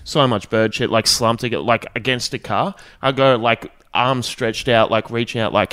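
A man's voice: mid-range voice, moderate pace, clear, resonant tone. A young man on a podcast, telling a rambling story full of swearing and acted-out quotes. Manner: rambling, heavy swearing, animated quoting. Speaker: podcast co-host. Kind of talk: casual storytelling chat.

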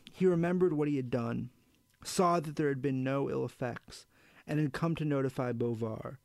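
Man narrating an audiobook, gravelly voice, dry close sound, steady and measured. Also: medium pitch, no echo. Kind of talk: scripted narration of a novel.

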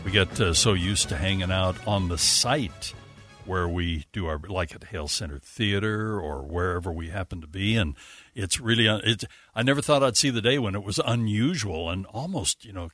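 A man's voice: sits low, animated, normal speed, a bit bright, dry recording, faint music behind. A man hosting a radio show in a studio, teasing his guests with jokes. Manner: playful, teasing. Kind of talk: jokey studio chat.

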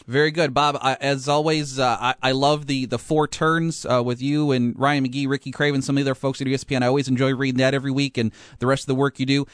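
A man's voice: medium pitch, little pitch movement, fast talker, few pauses, clean tone, no echo. Guy hosting sports talk radio, rambly and casual, dry close mic. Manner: chatty, rambling with many fillers and restarts.

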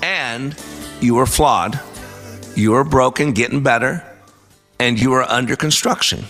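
50s guy radio host, preachy motivational talk, bright punchy voice, faint music behind. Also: mid-range voice, a little slow.

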